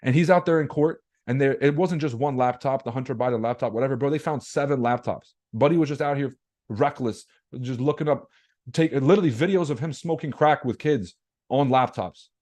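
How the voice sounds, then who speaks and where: With a mid-range, slightly mellow voice moving a little fast, a young man hosts a trading webinar, giving casual livestream market commentary. He speaks bluntly, using slang and profanity and asking his viewers rhetorical questions.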